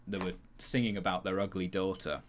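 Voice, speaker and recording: A man, a podcast guest telling an animated story with frequent laughter and swearing. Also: deep voice, brisk. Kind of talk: casual podcast chat.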